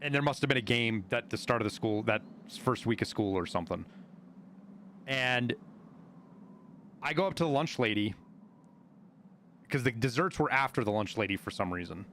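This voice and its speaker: A man from Montana, a streamer telling stories in casual chat, animated and full of swearing. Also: mid-range voice, normal speed, long pauses, slight background noise. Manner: profane, animated storyteller.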